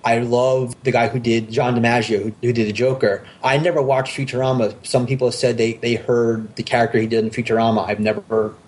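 A man's voice: mid-range voice, little pitch movement, brisk, few pauses, darkish tone. A man talking casually on a podcast, enthusiastic and rambling, with many restarts and fillers. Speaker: podcast host.

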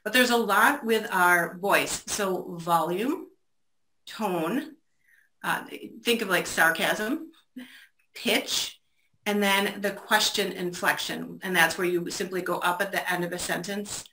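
A woman's voice: medium pitch, slow, bright, forceful tone. A woman giving a virtual training talk, engaging her audience with questions over a video call. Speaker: presenter. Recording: roomy echo, faint noise.

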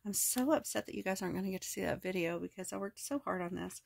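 A woman host walking through her collage journal in a casual, rambling way, hoarse with her voice cracking, full of ums and self-corrections. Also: mid-range voice, fast talker, few pauses, no echo. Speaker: crafting video host. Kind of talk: casual crafting walkthrough.

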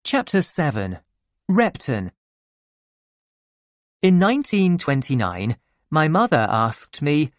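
A narrator reading a children's memoir story slowly and clearly for English learners. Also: medium pitch, big pitch swings, dry recording, clean studio sound. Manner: slow, clear and deliberate. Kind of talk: slow graded-reader storytelling for English learners.

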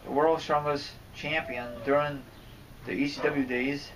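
A man's voice: a little high, steady tone, measured pace. A man giving a rambling, casual rant as a wrestling fan vlogger, cursing and getting irritated as he goes. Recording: distant mic, faint background noise.

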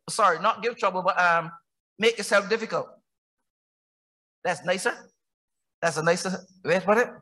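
A man with a Barbadian accent preaches in a church. His voice sits very high and rings bright and forceful. He presses his point with one rhetorical question after another, rising to shouts. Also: moderate pace, long pauses. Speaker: pastor. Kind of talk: sermon.

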